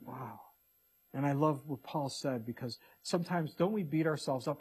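A man preaches a sermon in a husky, slightly high voice. He reads scripture aloud and moves between hushed, quiet asides and emphatic, raised declarations. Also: normal speed. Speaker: pastor.

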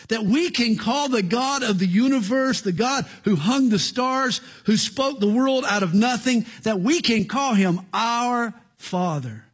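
Husky high-voiced male pastor preaching. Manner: earnest, slow emphatic phrasing with storytelling asides. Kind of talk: sermon.

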